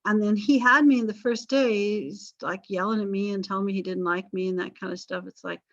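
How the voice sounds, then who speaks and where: Teaching history in a recorded class lecture, a middle-aged woman talks in a chatty, meandering way full of self-deprecating remarks. Her mid-range voice moves fairly quickly with fairly even intonation, captured in a dry, slightly dull recording.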